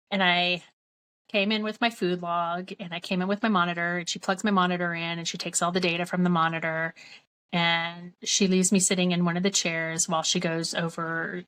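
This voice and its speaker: A woman's voice: lowish voice, fairly bright tone. Woman earnestly retelling a personal story. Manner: earnest, retells conversations by quoting both sides. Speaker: vlogger.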